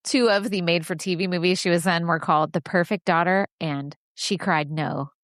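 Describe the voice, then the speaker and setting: A woman hosting a podcast, telling stories in an animated casual chat and laughing often. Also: fairly low pitch, normal speed, dry recording, studio quality. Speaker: podcast host.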